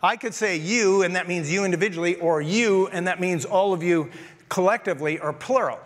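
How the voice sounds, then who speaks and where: A man with a high, light voice gives an animated, conversational sermon, joking and talking straight to his congregation. His voice rings through a church hall with a long tail of reverb. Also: fast talker. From Canada. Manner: animated, conversational preaching with jokes and asides to the congregation. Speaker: pastor. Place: church sanctuary.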